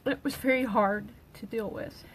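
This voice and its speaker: A middle-aged woman, tearful, speaking haltingly on an emotional personal livestream as a grieving mother. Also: fairly high pitch, slight background noise, rough recording. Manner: halting, with pauses and restarts. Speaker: grieving mother sharing her daughter's story.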